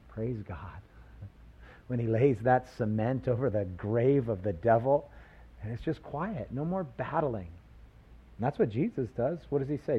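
A man preaching a sermon, animated, with rhetorical questions and acted-out quotes. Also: medium pitch, a little slow, breathy edge, lo-fi sound. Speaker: pastor.

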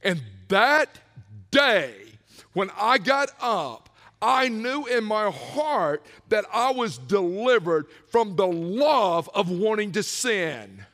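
A middle-aged male pastor preaching his personal testimony, telling it with animated swings from hushed asides to shouts. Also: high voice, slow. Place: church sanctuary. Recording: long reverb of a large church hall.

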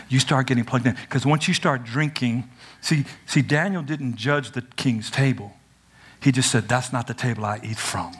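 A young man preaching an energetic sermon, animated and playful, swinging from loud cries to quiet asides. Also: medium pitch. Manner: conversational and playful, acts out quotes.

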